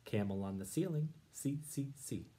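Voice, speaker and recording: A man teaching young listeners, reading a rhyming picture book aloud and explaining it in a gentle, encouraging way. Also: medium pitch, expressive, normal speed. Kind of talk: read-aloud lesson.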